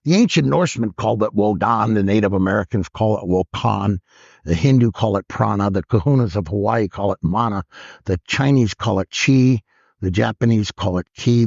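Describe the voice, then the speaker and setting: A man in his sixties, a comedian, telling lively stories on a podcast and acting out the lines of other people. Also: on the low side, gravelly, breathy edge, no echo. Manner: animated storyteller who acts out other people's lines. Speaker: guest comedian. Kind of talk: storytelling interview. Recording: dull lo-fi podcast audio.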